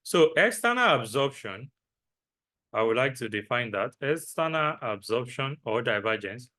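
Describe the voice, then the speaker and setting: Male trading teacher, slow and deliberate, bright voice, asks and answers his own questions. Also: mid-range voice, very animated. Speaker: trading instructor. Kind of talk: lecture with repetition.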